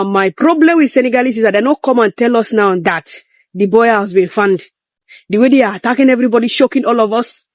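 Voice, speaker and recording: A man's voice: high voice, no room sound. A man giving casual news commentary, emphatic and repetitive, chuckling between points.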